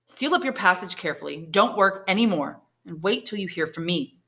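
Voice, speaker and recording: A woman voicing a cautious, bitter old male prisoner who questions in a measured, guarded way. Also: on the low side, animated, bright, forceful tone. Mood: regretful.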